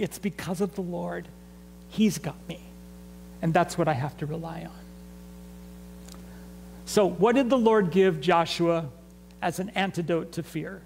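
A man with a high voice gives a sermon in a church sanctuary, taking his time and drawing the congregation in with questions. A faint electrical hum sits under the recording. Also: a little mellow, rough recording. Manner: conversational preaching, asks the congregation to respond. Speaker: pastor.

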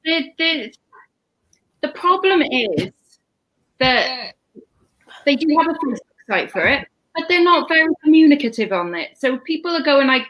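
A woman's voice: high-pitched, expressive, moderate pace, fairly bright tone, rough recording. A woman co-hosting a casual live stream, rambling through a story and stumbling over repeated words. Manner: rambling, repeats words when starting a point. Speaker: co-host.

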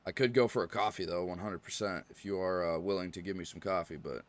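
A man streaming a farming game, chatting casually and rambling, often clearing his throat. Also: low voice, fairly even intonation, fast talker. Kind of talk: casual live-stream chat.

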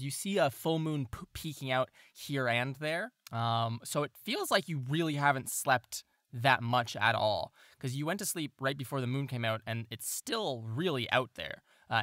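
A man narrates a tabletop role-playing game as its game master, in a bright, forward voice. His delivery is loose and conversational, full of fillers and restarts. The recording is dry and close. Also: medium pitch, no room sound.

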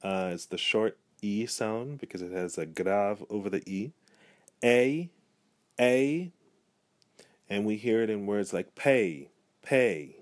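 A language teacher gives a pronunciation tutorial, patiently repeating every example word. His voice is lowish and a little slow, and the recording is dry.

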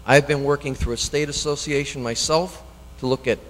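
Man, local official at hearing: earnest, halting delivery with restarts, long hall reverb. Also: medium pitch, steady tone. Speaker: elected official speaking at public hearing. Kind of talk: public comment. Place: town meeting hall.

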